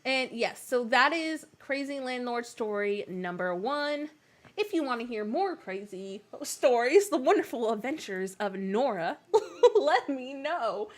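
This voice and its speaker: A woman's voice: on the high side, sing-song, measured pace. Chatty young woman, slight lilt. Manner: chatty, laughing often, many fillers. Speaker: streamer. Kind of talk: casual storytelling on a game stream.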